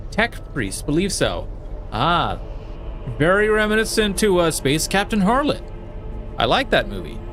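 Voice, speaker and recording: A man's voice: high voice, huge pitch swings, unhurried, a bit bright, soft background music. A man casually commenting on a game and reading its text aloud, rambling with many fillers and joking about his failed accents. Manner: rambling and playful, with frequent fillers and restarts; tries silly put-on accents and laughs at himself. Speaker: let's play streamer.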